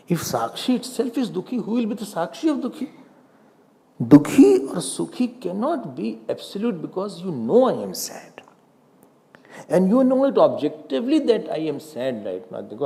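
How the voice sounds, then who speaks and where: A man's voice: fairly high pitch, creaky, dark tone. A middle-aged man with an Indian accent, a swami giving a spiritual discourse on scripture, acting out questions and answers with a student. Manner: mixes in Hindi and Sanskrit verses.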